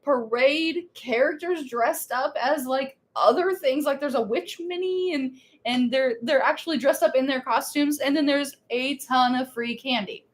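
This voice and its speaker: A woman co-hosting a casual live stream, chatty and animated. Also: high-pitched, unhurried, hardly any pauses. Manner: chatty, animated, lots of fillers. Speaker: co-host of a theme park channel.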